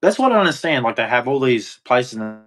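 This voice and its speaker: A man's voice: mid-range voice, very animated, brisk, a bit bright. A man giving an emphatic, repetitive monologue, swearing and acting out quoted voices as he goes. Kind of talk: ranting monologue.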